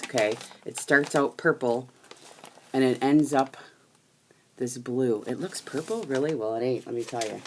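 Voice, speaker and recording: A woman with a low voice talks casually to her viewers while crafting, blunt and quick to laugh. A faint hiss sits under the recording. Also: low-quality recording. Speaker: live stream crafting host.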